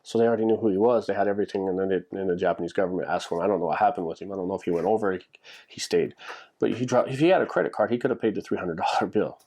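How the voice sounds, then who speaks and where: A man's voice: sits low, very fast, warm tone. A man vlogging, telling stories in a rambling, casual way, full of "like" and restarts. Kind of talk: casual storytelling monologue. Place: lives in Japan.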